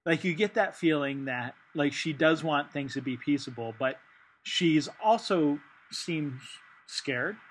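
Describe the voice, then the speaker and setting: A man's voice: fairly high pitch, expressive, unhurried, husky. Rambling man in casual discussion. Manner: thinking aloud with many fillers and restarts. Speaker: podcast co-host.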